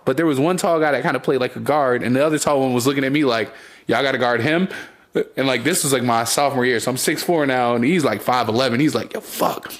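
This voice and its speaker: A young man co-hosting a podcast, telling stories in a loose casual chat, laughing often and swearing freely. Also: fairly high pitch. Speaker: podcast co-host.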